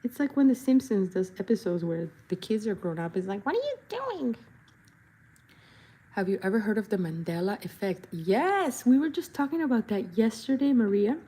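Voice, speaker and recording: A young woman who body paints and vlogs chats casually as she works, playful and talkative, often dropping into goofy voices and little jingles. Her voice is warm and mellow with a soft, breathy edge, medium in pitch, and she talks fairly quickly with hardly any pauses.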